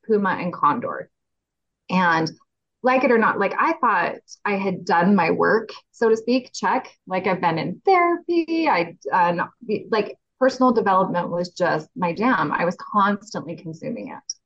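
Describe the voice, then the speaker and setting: A woman's voice: fairly low pitch, lively intonation, a little slow, fairly bright tone. A woman guest on a podcast, speaking casually and animatedly, laughing often, with many fillers. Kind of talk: casual heartfelt chat. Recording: slightly dull lo-fi audio.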